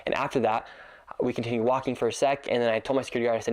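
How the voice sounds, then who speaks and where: Quick scripted voice-over, man with a lowish voice, earnest and indignant. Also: steady tone, a little mellow. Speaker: video creator narrating. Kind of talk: scripted narration.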